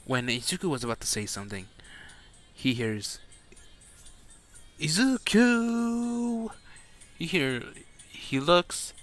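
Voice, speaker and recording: A man's voice: medium pitch, lively intonation, moderate pace, bright, forceful tone, faint music behind. A man telling an improvised fan story in a casual, rambling way, stumbling and correcting himself.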